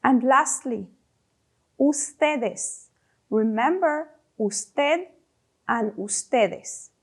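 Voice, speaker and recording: A woman teaching a children's Spanish lesson, speaking model phrases slowly and prompting learners to repeat them with encouragement. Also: a little high.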